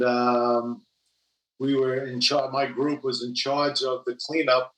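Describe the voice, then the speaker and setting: A man's voice: mid-range voice, a bit bright. Middle-aged man, New York accent, echoey room. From Long Island, New York. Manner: plain, halting with many uhs. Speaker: podcast guest. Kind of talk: casual podcast conversation.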